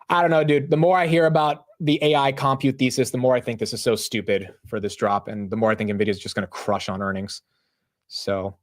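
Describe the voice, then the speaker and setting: A young man hosting a casual live stock market stream, chatting with viewers and reacting excitedly to price moves. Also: mid-range voice. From United States. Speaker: livestream market host.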